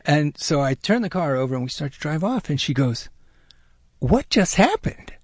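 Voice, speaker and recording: A middle-aged man telling a personal story in a lively, self-deprecating way, with many restarts. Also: a little high, fairly quick, no room sound, clean studio sound. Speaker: storyteller guest.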